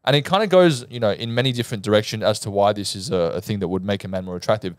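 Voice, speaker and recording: A man's voice: lowish voice, rapid-fire, no room sound, clean studio sound. A young Australian man co-hosting a casual podcast, explaining his points step by step and telling stories with animation. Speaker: podcast co-host.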